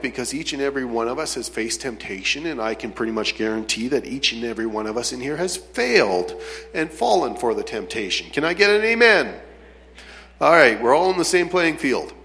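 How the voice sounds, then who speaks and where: A man's voice: medium pitch, a bit bright. A man preaching a sermon to his congregation as pastor, reading scripture and asking the room questions. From Canada. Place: church hall with long reverb. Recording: reverberant church hall.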